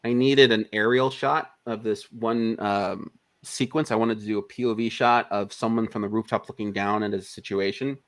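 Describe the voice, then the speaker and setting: A man's voice: fairly low pitch, moderate pace. A man telling casual stories as an interview guest, acting out what other people said. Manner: animated anecdote teller who acts out quotes. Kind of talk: casual storytelling. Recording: live stream call.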